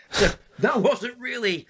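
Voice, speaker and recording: A man's voice: very high voice, gravelly, fairly bright tone, husky. Man telling a wild story with swearing. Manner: vivid, swearing, self-deprecating. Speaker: guest. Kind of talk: animated storytelling with profanity.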